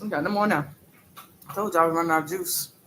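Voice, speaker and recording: A man with a high, bright voice talks slowly through a story on a casual live stream. He stumbles and repeats himself, stopping now and then to greet viewers by name, over faint background noise. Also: low-quality recording. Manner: halting, repeats phrases. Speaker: livestreamer.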